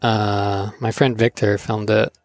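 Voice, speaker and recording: A man's voice: fairly low pitch, slow pace, no echo, clean studio sound. Laughing surfer man telling stories. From Florida. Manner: laughing, animated, acts out voices in his stories. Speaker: podcast host, pro surfer. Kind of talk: casual storytelling chat.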